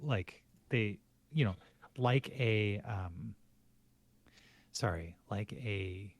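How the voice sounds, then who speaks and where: A man's voice: lowish voice, extremely slow, vocal fry. A man co-hosting a podcast in casual chat, rambling with many fillers and restarts. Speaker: podcast co-host.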